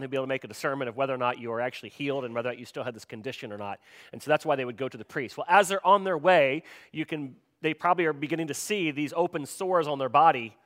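A man's voice: mid-range voice, a bit bright. A man preaching a sermon in a conversational way, often turning to ask the congregation questions. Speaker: pastor.

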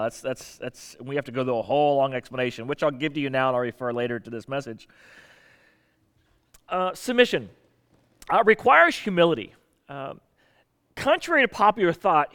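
Wry, conversational pastor with a higher voice. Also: male voice. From Southern US. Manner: conversational, wry, jumps between loud emphasis and low asides. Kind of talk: sermon.

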